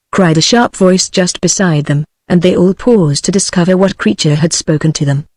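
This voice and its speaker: A British woman's synthetic voice reading an audiobook in an even tone. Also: lowish voice, normal speed, hardly any pauses, dry recording. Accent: British English. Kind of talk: text-to-speech audiobook narration.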